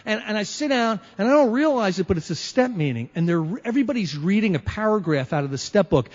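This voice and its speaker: A man shares his recovery story before a meeting, lively and wry, acting out scenes from his past. His voice sits fairly high. The old recording is dull and lo-fi, with his words ringing on in a long hall reverb. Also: brisk. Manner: animated, wry storyteller who acts out moments.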